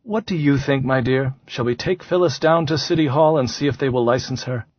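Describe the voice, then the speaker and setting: A man's voice: medium pitch, brisk, dry recording, close to an everyday voice. A man voicing a mild, reasonable father in an audiobook. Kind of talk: audiobook character voice. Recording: slightly dull, dry recording.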